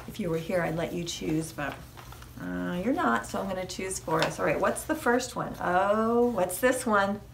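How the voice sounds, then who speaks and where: A woman leading a children's library storytime, reading a picture book aloud in an animated, sing-song voice. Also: mid-range voice, normal speed, creaky, background noise.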